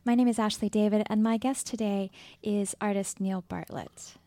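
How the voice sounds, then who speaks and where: A woman's voice: mid-range voice, steady tone, moderate pace, very noisy. A woman hosting a radio interview show, introducing her guest in a friendly, composed way.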